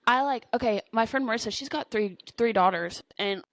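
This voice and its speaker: A woman's voice: a little high, brisk, dry recording. Chatty young woman, dry close sound. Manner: chatty, warm, rambling with "like"s. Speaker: podcast co-host. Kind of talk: casual chat.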